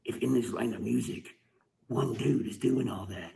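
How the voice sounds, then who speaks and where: A man's voice: mid-range voice, normal speed, vocal fry, dark tone. A man ranting to his fans in a heated, profane, mocking monologue. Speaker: rapper speaking to fans.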